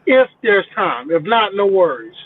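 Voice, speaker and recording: A man telling stories in casual chat, profane and animated, often mimicking other people. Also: high voice, a little slow, dry recording. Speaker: podcast guest. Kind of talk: casual storytelling. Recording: tinny phone-like line, dry.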